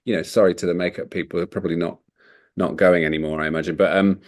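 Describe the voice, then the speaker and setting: A man with a low, fairly even, slightly mellow voice talks fast as he co-hosts a podcast. He rambles casually about a film and laughs often.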